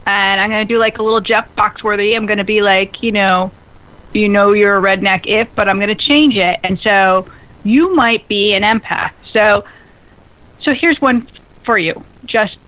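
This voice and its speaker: A woman hosting a radio show, chatty and excitable, quick to laugh. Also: medium pitch. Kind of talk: lively casual radio chat. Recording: phone-like narrow band radio sound.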